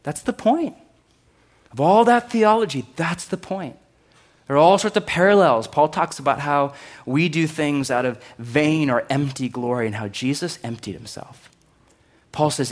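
A middle-aged man pastor preaching a sermon in an emphatic, energetic way, climbing to loud high peaks and dropping to quiet low stretches. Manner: energetic, emphatic preaching with sudden rises in pitch and volume.

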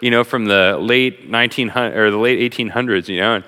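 Middle-aged guy preaching, chatty and animated, bright forceful voice, big echoey church hall. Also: fairly low pitch, a little fast, a little hiss or hum. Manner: animated, conversational preaching with many fillers. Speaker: pastor. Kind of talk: sermon. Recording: long hall reverb.

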